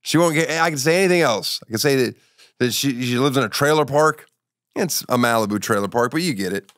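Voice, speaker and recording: A man hosts a comedy talk show, joking and spinning stories in a wry, offhand way. His voice sits fairly high for a man. The sound is dry and close, with no room echo. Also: big pitch swings, normal speed, a bit bright. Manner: joking, wry, storytelling asides. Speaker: show host. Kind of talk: casual comedic interview and monologue.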